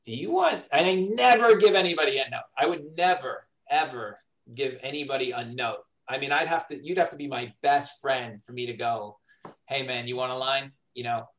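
Chatty New comedian telling stories. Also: male voice, mid-range voice, moderate pace, poor audio. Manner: animated, acts out quoted dialogue. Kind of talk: casual storytelling in a podcast interview.

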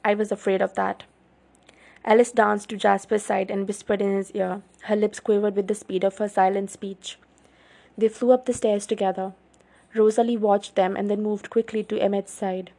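A woman narrating a first-person story in a steady, even delivery. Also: mid-range voice, normal speed, gravelly.

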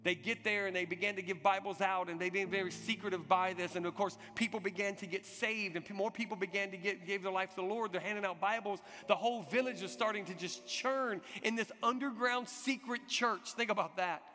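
A man preaching a sermon, telling a story dramatically, swinging from urgent loud passages to hushed, quiet ones. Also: high-pitched, fairly quick, few pauses. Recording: long hall reverb with music behind.

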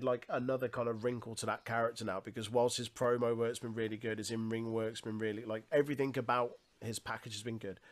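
A man, co-hosting a casual chat and recapping a match in detail, loose and sweary, laughing often. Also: medium pitch. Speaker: wrestling podcast co-host.

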